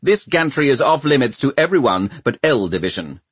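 A man's voice: mid-range voice, slow, no echo, pitched above the performer's own voice, close to an everyday voice. A man doing a snappish stern engineer. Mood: snapping. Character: stern male engineer, suspicious official.

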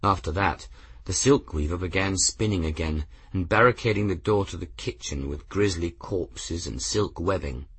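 A man's voice: sits low, moderate pace, husky, no room sound. A man narrating an adventure audiobook expressively. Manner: expressive, voicing characters. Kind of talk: scripted narration.

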